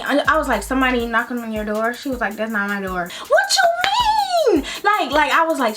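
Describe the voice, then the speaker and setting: A young woman tells a storytime to her viewers in a casual vlog. Her voice sits a little high, and she talks in loose slang with plenty of drama, calling out to her audience as she goes. Soft music plays faintly behind her. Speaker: vlogger.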